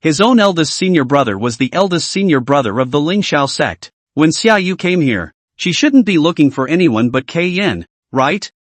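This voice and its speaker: A man narrating a fantasy story in a scripted recap, reading in a brisk, animated way. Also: fairly high pitch, no room sound.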